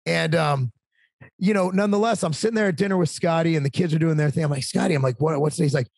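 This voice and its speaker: Brief: talkative man in his forties, a bit high-pitched, husky, dry close sound, casual stories. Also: fast talker, no room sound. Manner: talkative, animated, swearing. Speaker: podcast guest. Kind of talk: casual storytelling.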